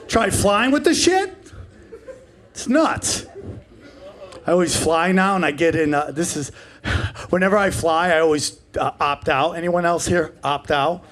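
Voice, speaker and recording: A man's voice: a little high, animated, a little slow, pauses often, fairly bright tone, a little hiss or hum. A man in his forties performing a stand-up comedy set, brash and profane, riffing with the crowd. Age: 40s.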